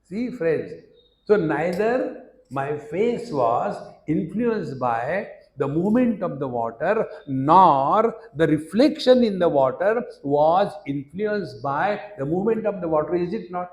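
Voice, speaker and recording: A man's voice: on the high side, animated, slow, a little mellow, roomy sound. A man with an Indian English accent giving a spiritual discourse, telling stories that act out dialogue and chanting Sanskrit verses. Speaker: spiritual teacher. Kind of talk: discourse on scripture.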